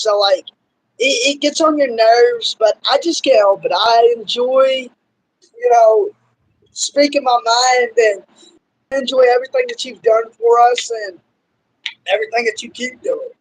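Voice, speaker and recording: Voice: mid-range voice, lively intonation, unhurried, low-quality recording. A young interviewer in their twenties, rambling eagerly as a fan of the guest in casual chat. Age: 20s.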